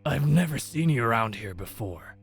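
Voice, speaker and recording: A man voicing a frail old man with a scratchy voice who speaks slowly and vaguely in a horror story. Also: medium pitch, lively intonation, gravelly, slightly rough, soft background music, pitched above the performer's own voice. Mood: grave.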